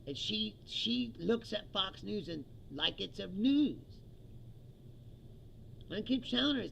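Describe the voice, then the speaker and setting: A man's voice: high-pitched, animated, takes it slowly, creaky, long pauses, a bit bright, muffled recording, a little hiss or hum. A man from the United States hosting his own comedy show, ranting angrily and profanely about the news and laughing often.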